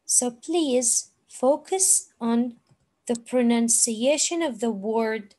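A woman teaching an English lesson, speaking slowly and repeating words for learners. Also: a little high, warm tone. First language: Arabic. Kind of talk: online classroom lesson.

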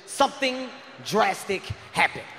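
High, bright, shouting stand-up comic. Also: male voice, a little slow, vocal fry, slight background noise. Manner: loud, shouting, animated delivery. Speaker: stand-up comedian. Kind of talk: stand-up storytelling. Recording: live stage in a large reverberant hall.

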